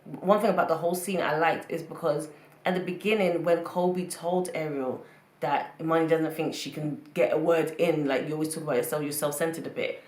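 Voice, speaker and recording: A woman's voice: sits low, steady tone, fairly quick, darkish tone, reverberant. A woman giving casual, opinionated commentary on a reality show, often repeating phrases for emphasis. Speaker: reality TV reviewer.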